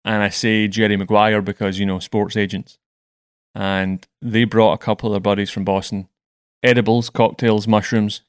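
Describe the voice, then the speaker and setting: A man hosts a casual podcast, his voice sitting low and recorded close and dry. He tells stories in a chatty, easygoing way and often trips over and repeats his words. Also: little pitch movement, moderate pace, smooth, dry recording. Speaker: podcast host. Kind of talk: casual chat.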